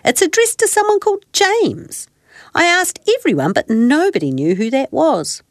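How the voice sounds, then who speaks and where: Chirpy male toy dog, woman putting it on, higher pitched, lively, storybook. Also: moderate pace, dry recording, studio quality.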